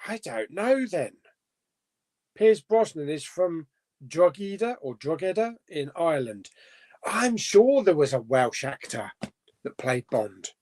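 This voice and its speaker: A man with a fairly high voice that swings up and down a lot, chatting unhurriedly as the host of a live show. He reads viewer comments aloud and muses to himself as he goes. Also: very animated, slow pace, darkish tone. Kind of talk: casual live chat reading viewer comments.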